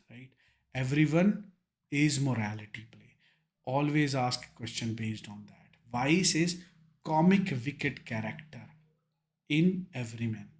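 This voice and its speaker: A man's voice: mid-range voice, darkish tone. An emphatic young male teacher with an Indian English accent, running through exam revision points. He drills key terms one by one, slipping Hindi words into his English. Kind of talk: online revision lecture.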